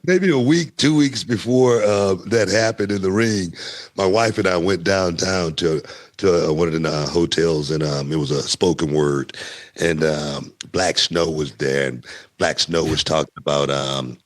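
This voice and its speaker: A middle-aged man, a former wrestler telling stories as a guest in a casual interview, animated and often laughing. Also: a little slow. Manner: animated, laughing storyteller with wide pitch swings.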